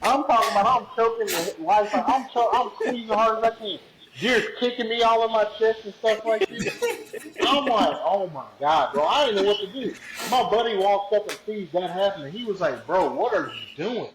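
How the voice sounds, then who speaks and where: A man, a podcast guest, telling a story in a slangy, animated, casual way. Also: high-pitched, moderate pace, roomy sound, a crowd in the background, poor audio. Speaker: podcast guest, hunting ambassador.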